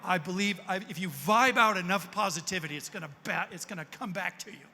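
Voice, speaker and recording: A man on a panel telling a story in a lively, self-amused way. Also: sits high, quick pace. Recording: long hall reverb.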